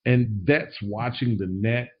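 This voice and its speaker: A man's voice: mid-range voice, takes it slowly. A man hosting a podcast in casual chat, rambling and slangy with many restarts, a little tipsy. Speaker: podcast host. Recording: dull lo-fi recording.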